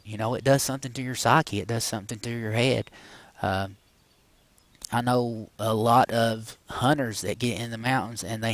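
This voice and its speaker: A man's voice: fairly low pitch, fairly bright tone, dry recording. A middle-aged man hosting a paranormal podcast, talking straight to his viewers in a loose, rambling way with many fillers and frequent asides to "guys". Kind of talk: casual rambling monologue to viewers.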